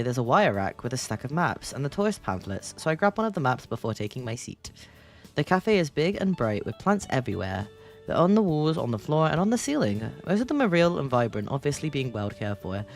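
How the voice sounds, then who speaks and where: Giggly low-voiced woman streamer. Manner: giggly, playful, teasing. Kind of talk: casual commentary while reading a game aloud.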